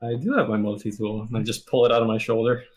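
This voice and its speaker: A man's voice: medium pitch, steady tone, fast talker. A man playing in a tabletop game, easygoing and matter-of-fact. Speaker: player. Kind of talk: casual tabletop game play.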